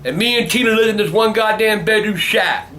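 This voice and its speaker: An older man telling profane stories that break into shouting rants. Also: high voice, a little fast. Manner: cursing constantly, bursts into shouting. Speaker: vlog host telling stories. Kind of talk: profane storytelling rant.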